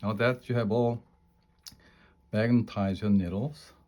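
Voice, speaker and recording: A man's voice: on the low side, fairly even intonation, a little slow, darkish tone, lightly acted. A man voicing a male science teacher instructing his class in a read-aloud storybook. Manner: instructing, explanatory.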